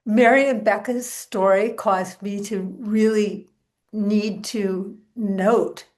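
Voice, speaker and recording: Slow-speaking older woman, wry and reflective. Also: mid-range voice, fairly even intonation, a little mellow. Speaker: panelist. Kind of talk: casual discussion.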